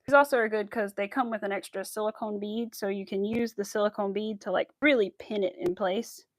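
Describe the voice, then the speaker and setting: A woman's voice: mid-range voice, steady tone, brisk, no echo. A woman hosting a casual crochet livestream, chatting and giggling with viewers as she works. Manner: chatty and giggly, talking to viewers while crafting. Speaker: crafting channel host.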